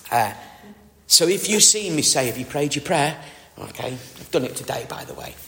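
Man, northern English accent, middle-aged preacher, slightly high voice, self-deprecating, asks the crowd questions. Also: lively intonation, moderate pace, fairly bright tone, slight background noise. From northern England. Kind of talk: sermon. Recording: echoey hall with long reverb.

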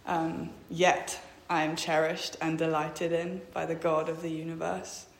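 A woman's voice: sits low, flat delivery, a little slow, creaky, slight background noise. A woman in her twenties gives a personal faith testimony. She speaks hesitantly with many filler sounds and reads Bible verses aloud. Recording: echoey room.

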